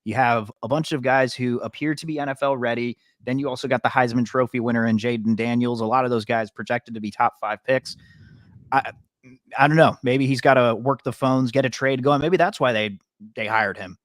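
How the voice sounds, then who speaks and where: A man's voice: medium pitch, a little fast, no room sound. British-born man, podcast co-host, rambling casual sports takes, mid voice, dry recording. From Britain. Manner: rambling, self-correcting opinions.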